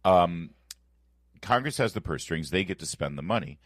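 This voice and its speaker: A low-voiced man hosting morning talk radio from a studio, his delivery swooping up and down with emphatic, sarcastic flourishes. The sound is close and dry. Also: moderate pace, dry recording. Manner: emphatic, animated, playfully sarcastic. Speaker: radio talk show host. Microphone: studio microphone.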